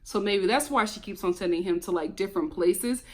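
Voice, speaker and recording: A woman giving a casual, animated commentary review of a reality show, chatting straight to her viewers. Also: medium pitch, fairly quick. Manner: animated, chatty, exclamatory, addresses viewers as y'all.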